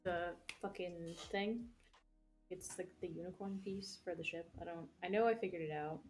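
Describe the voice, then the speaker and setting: A woman's voice: lowish voice, steady tone, moderate pace, a little mellow, slight background noise. A young woman hosting a livestream, chatting casually while she works, rambling with lots of fillers and frequent swearing. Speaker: livestream host. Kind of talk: casual chat while crafting.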